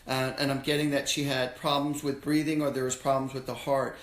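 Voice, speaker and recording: A man hosting a live stream as a psychic medium, talking casually and haltingly while he passes on messages in slangy quoted phrases. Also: mid-range voice, level tone, fairly bright tone, roomy sound. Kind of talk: live-stream readings for callers.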